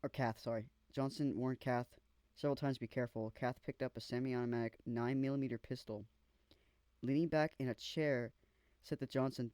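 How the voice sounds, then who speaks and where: A man's voice: mid-range voice, a little fast, darkish tone, dry recording. Young man reading aloud, casual and slangy. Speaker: vlogger.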